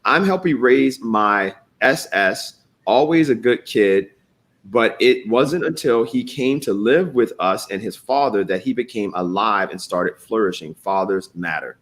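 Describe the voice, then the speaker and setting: Animated man hosting a morning talk show. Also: fairly low pitch, measured pace. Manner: animated storyteller, swears freely, reads comments aloud. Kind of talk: live show commentary reading viewer comments.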